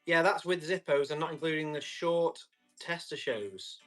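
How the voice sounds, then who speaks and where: A man with a slightly high voice runs a casual live auction, bantering with viewers and reading out their comments. He describes the tools as he tests them, talking in a loose, friendly way. Faint music plays behind him. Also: normal speed, a bit bright. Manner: chatty, reads out and answers viewer comments; describes items while testing them. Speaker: live-stream tool seller.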